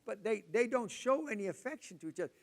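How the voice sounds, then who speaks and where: A man's voice: high-pitched, expressive, fast. An older man, preaching in a casual, rambling way, repeating words and talking to the congregation. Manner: rambling, repeats words, chatty asides to the audience. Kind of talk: casual sermon talk.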